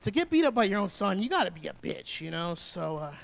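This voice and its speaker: Man, from Indiana, high voice, stand-up comedian, rambling, crude self-deprecating jokes. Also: big pitch swings, a little fast, gravelly, a bit bright, low-quality recording.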